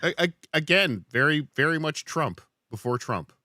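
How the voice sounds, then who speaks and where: Wry man, bright dry voice. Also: on the high side, normal speed, no echo. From Canada. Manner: wry, deadpan jokes. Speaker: podcast guest. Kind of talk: casual chat.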